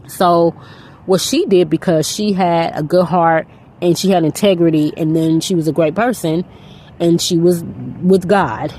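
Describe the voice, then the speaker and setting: Low-voiced woman retelling a story. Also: fairly even intonation, a little slow, warm tone, a little hiss or hum. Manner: rambling and earnest, with frequent "you know". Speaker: faith vlogger. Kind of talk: casual storytelling, retelling a film.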